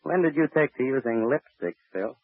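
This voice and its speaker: A mad, taunting jealous husband. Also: male voice, mid-range voice, expressive, moderate pace, no echo. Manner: eerie laughter, taunting. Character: unhinged jealous husband turning killer. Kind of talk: 1940s radio acting. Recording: tinny old radio broadcast.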